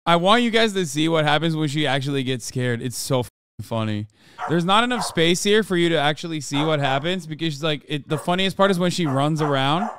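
A man's voice: on the high side, animated, fairly quick, background noise. A man in his thirties streaming live, talking casually and profanely, ranting at his chat while dogs bark nearby. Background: dogs barking.

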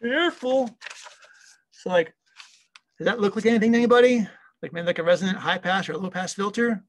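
High-voiced rambling man in his fifties. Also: a little fast. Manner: rambling, enthusiastic, self-interrupting. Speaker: guest, audio software founder and engineer. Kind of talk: casual interview chat.

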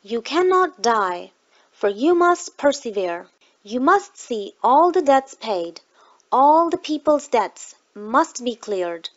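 A woman voicing a stern divine voice that scolds a man, speaking slowly and solemnly. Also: fairly high pitch, very animated, lo-fi sound, exaggerated voice.

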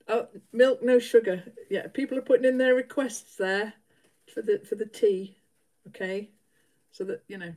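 A woman's voice: medium pitch, a little mellow. A middle-aged woman, chatting casually with live viewers while she sews, laughing often. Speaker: livestream host.

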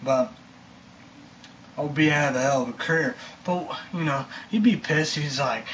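A man's voice: fairly high pitch, a little slow, a bit bright. Rambling man with faint room noise. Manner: rambling, repeats himself, many fillers. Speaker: vlogger ranting on camera. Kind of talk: casual rambling monologue.

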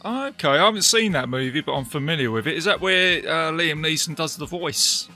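An English man with an English accent talks films on a podcast in a bright, sharp-toned voice, friendly and quick to laugh. His pitch sits in an ordinary middle range, with faint music underneath. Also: expressive. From England. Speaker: podcast host. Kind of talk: casual chat.

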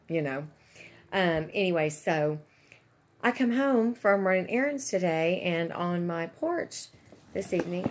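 A middle-aged woman, chatting to her viewers in a rambling, gushing, excited way. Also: on the low side, moderate pace, slight background noise. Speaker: vlogger. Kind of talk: casual chat to camera.

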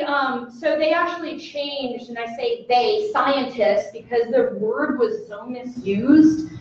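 A woman dog trainer lecturing a live audience, lively and acting out voices of dogs and people. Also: a little high, slight background noise. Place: presentation room with audience. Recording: echoey room, mic from far off, dull sound.

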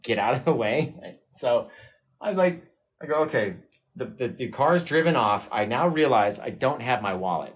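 A man hosting a live painting stream, chatting casually with viewers in a rambling, self-mocking way and laughing often. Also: medium pitch. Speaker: livestream painting host.

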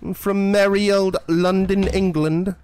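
Man doing a mock-Cockney gangster, high put-on voice, loud, swaggering, slow drawn-out threats. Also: flat delivery, slight background noise. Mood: brash, taunting. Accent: exaggerated mock Cockney.

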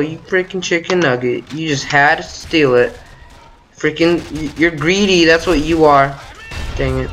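Teen boy gaming commentator, bright tone, chatty trash talk, home desk mic with faint noise. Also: a little high. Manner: chatty, trash-talking, frequent mild exclamations. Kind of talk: casual gameplay commentary. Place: bedroom at home.

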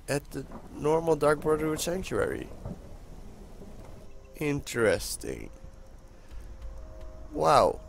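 A hoarse young man talks through his game in a casual let's-play, his voice cracking now and then. He speaks slowly and excitably, with a faint music bed behind him. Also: medium pitch. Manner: excitable, talks to viewers while playing. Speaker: gaming channel host.

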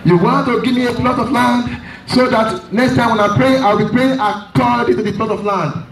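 High-voiced preacher in echoey room. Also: male voice, fairly even intonation, moderate pace, far from the mic, a little hiss or hum. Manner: emphatic storytelling, repeats key phrases. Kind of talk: sermon.

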